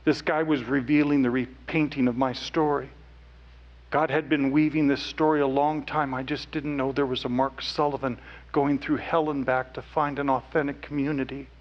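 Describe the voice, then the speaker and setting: A man speaking on stage, telling a personal story earnestly, dropping to hushed tones at times. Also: mid-range voice, little pitch movement, normal speed, lo-fi sound. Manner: earnest, with quiet hushed stretches. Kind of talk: emotional storytelling talk.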